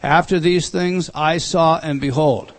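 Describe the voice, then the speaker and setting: A middle-aged man leads a Bible study lecture in a slightly raised voice. He talks slowly and deliberately and doubles up his words to stress a point. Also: fairly high pitch, steady tone. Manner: slow, deliberate, repeats words for emphasis. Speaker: Bible teacher.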